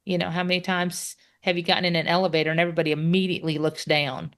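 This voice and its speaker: A woman's voice: lowish voice, level tone, very fast. Cheerful Texan woman telling a story. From Texas. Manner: cheerful storyteller, laughs often. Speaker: podcast co-host. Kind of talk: casual chat.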